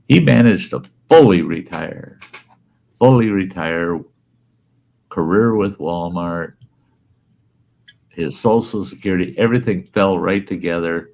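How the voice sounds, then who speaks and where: Gravelly low-voiced man telling a story. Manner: animated storyteller, laughs through lines, quotes others in a raised voice. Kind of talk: casual storytelling chat.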